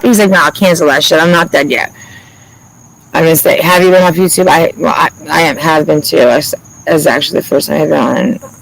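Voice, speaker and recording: A man talks loosely to his online viewers, his voice a touch high and rough with fry. He swears freely, rambles and breaks into laughter often. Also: fairly quick, fairly bright tone, a little hiss or hum, rough recording. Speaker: livestreamer. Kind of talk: casual livestream chat.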